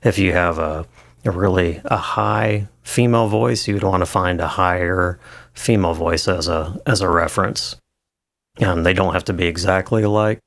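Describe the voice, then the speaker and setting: Low-voiced man teaching audio editing. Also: moderate pace, gravelly, no room sound. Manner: relaxed, hesitant with fillers and restarts. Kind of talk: screen-recorded tutorial.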